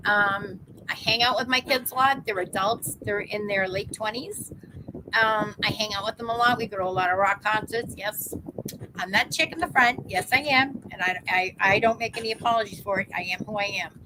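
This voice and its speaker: A woman's voice: medium pitch, moderate pace, noisy background. A chatty woman in her fifties, a psychic medium hosting a casual live-stream talk, who laughs easily and acts out the voices of people she quotes. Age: 50s.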